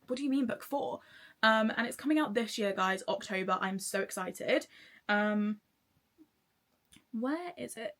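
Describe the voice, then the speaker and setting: An excitable young woman rambles through a casual book review. Her voice sits a little high and sounds bright and forward. She trails off and restarts as she gushes. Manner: gushing, excitable, rambling with fillers and laughs. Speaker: book vlogger.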